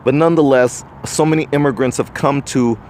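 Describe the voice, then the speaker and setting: A man's voice: mid-range voice, fairly quick, darkish tone, a little hiss or hum. An American man hosting a podcast, giving a preachy, indignant opinion monologue to the viewer. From United States. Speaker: podcast host.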